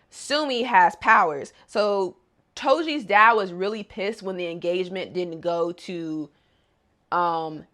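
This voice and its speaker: A woman casually recapping a cartoon episode, animated and slangy, who reacts loudly to the story. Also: lowish voice. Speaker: video host.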